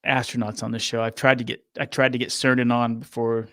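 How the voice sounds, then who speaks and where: A man talking as a podcast guest about people he has interviewed, in a halting way with many restarts. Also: medium pitch, level tone, a bit bright, no echo, studio quality. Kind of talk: casual chat.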